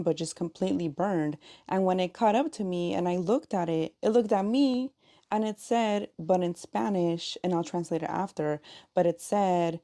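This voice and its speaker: Woman, podcaster, hesitant casual storytelling, mellow tone. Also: on the low side. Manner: hesitant, unsure.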